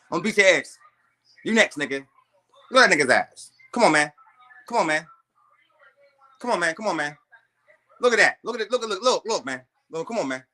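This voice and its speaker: A man's voice: sits high, sharp tone. A man giving profane, mocking boxing commentary to his live stream, laughing and repeating himself. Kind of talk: trash-talking boxing commentary.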